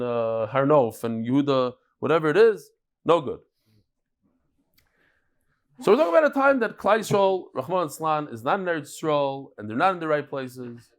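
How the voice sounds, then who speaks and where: A man giving a daily Talmud lecture, walking through cases with rhetorical questions and everyday examples. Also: on the high side. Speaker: Talmud teacher.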